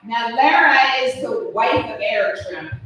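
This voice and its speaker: A woman in her fifties doing a stand-up comedy set, brash and profane with deadpan punchlines. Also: fairly high pitch, a little slow. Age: 50s. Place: comedy club stage. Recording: echoey room from far off with noise.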